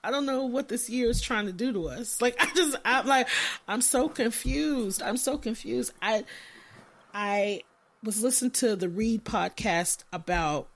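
A woman hosting a podcast in casual chat. She is animated, laughs often and swears freely. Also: a little high, measured pace. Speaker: podcast host interviewing guests.

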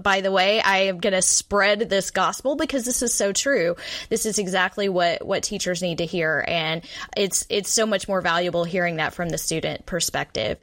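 A woman's voice: on the low side, fairly bright tone, no echo. Effusive woman podcast co-host. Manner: effusive, upbeat, praising. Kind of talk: enthusiastic interview chat.

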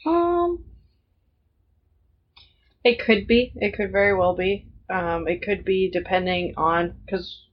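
A woman guest co-hosting a casual book discussion, relaxed and thinking aloud with hesitant fillers. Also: mid-range voice, takes it slowly, long pauses, a little hiss or hum. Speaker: guest co-host. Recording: lo-fi dull audio.

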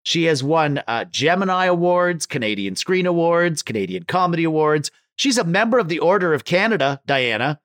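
A man's voice: on the high side, big pitch swings, normal speed, hardly any pauses, no echo, clean studio sound. A man hosting a comedy podcast, joking and laughing often while introducing and interviewing a guest. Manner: jokey, laughs often, reads a warm intro. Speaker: podcast host. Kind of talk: casual interview chat.

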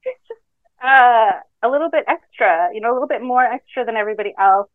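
A woman's voice: fairly high pitch, quick pace, no echo. A woman from Canada, a reality show contestant, chatting casually in a podcast interview, rambling and laughing often. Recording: dull lo-fi call audio.

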